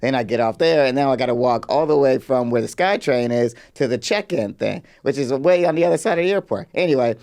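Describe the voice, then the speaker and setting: A man's voice: mid-range voice, animated, quick pace, hardly any pauses, darkish tone. A man co-hosting a podcast, chatting casually. He tells long stories, laughs a lot and acts out other people's voices. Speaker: podcast co-host. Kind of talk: casual chat.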